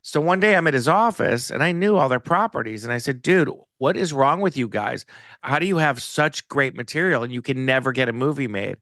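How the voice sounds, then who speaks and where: A man's voice: mid-range voice, fairly quick, dry recording. A man telling a personal story in a casual way, acting out the voices of the people in it. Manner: animated, acts out quoted dialogue. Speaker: guest storyteller.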